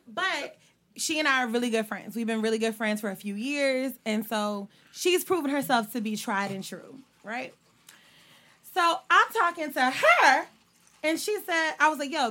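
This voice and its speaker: A young woman co-hosts a casual podcast, telling stories with big laughs and plenty of cursing. Her voice sits a bit high and rings bright. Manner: animated, laughing, swearing freely. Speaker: podcast co-host. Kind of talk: casual storytelling chat.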